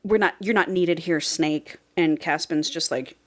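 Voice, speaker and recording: A woman's voice: low voice, a little slow. Frank, chatty woman podcast host. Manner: retells a plot in a chatty way, quoting characters; profane and frank. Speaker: podcast co-host recapping a book. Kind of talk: casual chat.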